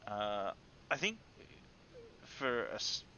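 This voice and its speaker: An Australian man co-hosts a casual livestream from a studio, rambling, restarting often, and chuckling between thoughts. His voice sits on the low side and sounds pushed and bright, delivered very slowly yet very animated. The audio is dull, with a little hiss or hum.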